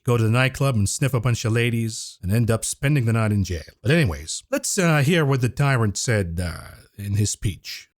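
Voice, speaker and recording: A man's voice: mid-range voice, no room sound, studio quality. Sarcastic man hosting a market recap. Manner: irreverent, sarcastic. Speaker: market commentary host. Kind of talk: casual market commentary.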